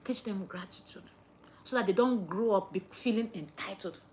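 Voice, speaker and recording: A young woman, lecturing viewers in a casual chat to camera and swinging between loud outbursts and hushed asides. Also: mid-range voice, normal speed, slight background noise. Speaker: vlogger.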